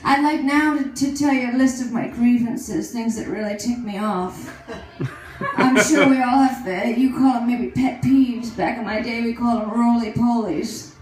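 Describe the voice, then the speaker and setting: A woman's voice: fairly high pitch, moderate pace, natural voice. A woman playing a vain, self-dramatizing aging female celebrity who hosts a comedy show, talking in a rambling, brassy and crude way on a comedy stage. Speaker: comedy show host persona. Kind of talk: stand-up character comedy. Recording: very echoey live room.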